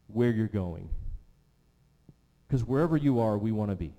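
A man preaching a sermon, emphatic, repeating key phrases and slowing down to stress them. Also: fairly low pitch, expressive, dark tone. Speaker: pastor. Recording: long reverb of a large hall.

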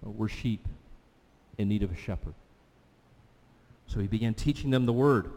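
Man, pastor, conversational sermon, asks the crowd questions, warm relaxed tone, long echo. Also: fairly low pitch, moderate pace. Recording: long hall reverb.

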